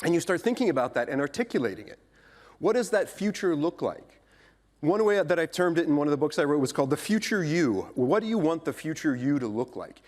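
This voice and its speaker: Male keynote speaker, lively pitch swings, conversational and playful with the audience. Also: brisk. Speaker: futurist speaker. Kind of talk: conference keynote talk. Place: conference stage before a live audience.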